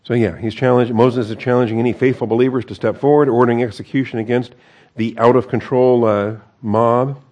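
A man teaching through a Bible passage, reading it aloud and then talking it over in a loose, conversational way. His voice is mellow and relaxed, and he drops in wry, self-correcting asides between the verses. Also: mid-range voice, brisk, highs cut off.

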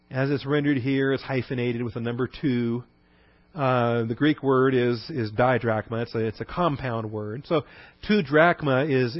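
A Texan in middle age, speaking in a mid-range voice, walks listeners through Greek terms in a conversational Bible lesson. There's no echo, the recording is dry and a bit dull, and he fills it with fillers and repeated "all right?" prompts.

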